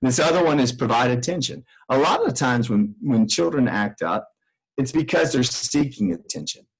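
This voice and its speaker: This middle-aged man teaches a recorded parenting lesson from home as an extension educator, with earnest, conversational speech full of restarted sentences. His mid-range voice is slightly rough, with lively intonation and a moderate pace, captured in a rough recording.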